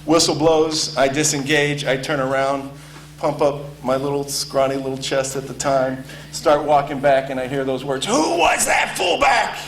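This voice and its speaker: Guy spinning a football yarn, lots of ums, mid pitch, echoey room with a soft hum. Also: level tone, normal speed. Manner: casual storytelling with frequent ums and uhs. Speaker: former college football player telling a story. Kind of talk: spoken anecdote to an audience.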